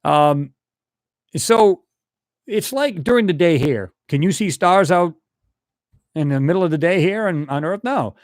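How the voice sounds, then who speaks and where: A man's voice: on the high side, expressive, unhurried, long pauses, dry recording, studio quality. A man hosting a live stream, chatting loosely and rambling as he reads out viewer comments. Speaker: channel host answering live chat. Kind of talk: casual live-stream chat.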